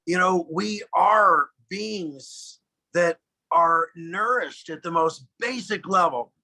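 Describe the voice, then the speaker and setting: A man's voice: high voice, slow pace, sharp tone, low-quality recording. A man hosting a video call, rambling a little and searching for words as he retells a story. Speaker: host. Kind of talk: casual chat on a video call.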